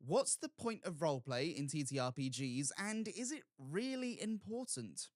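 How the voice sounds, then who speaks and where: A man's voice: on the high side, big pitch swings, moderate pace. A man hosting his own video in a chatty, self-mocking way, laughing at his own asides as he talks from a room at home. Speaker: YouTube host. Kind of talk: casual scripted video talk.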